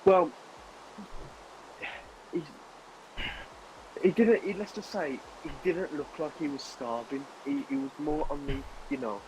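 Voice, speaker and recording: A man's voice: fairly high pitch, animated, a little slow, long pauses, darkish tone, slight background noise, low-quality recording. A young man, rambling through a story in casual chat with friends, full of restarts. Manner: rambling anecdote with many restarts and laughs. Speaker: streamer chatting with friends. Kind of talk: casual chat while gaming.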